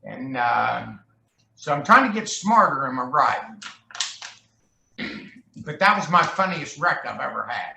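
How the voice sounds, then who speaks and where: A man's voice: mid-range voice, big pitch swings, unhurried, creaky, pauses often, pushed and bright, slight background noise. A man telling rambling, jokey stories as a guest, slipping into voices when he quotes people. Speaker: guest, charity ride founder. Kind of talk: casual storytelling chat. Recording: echoey room.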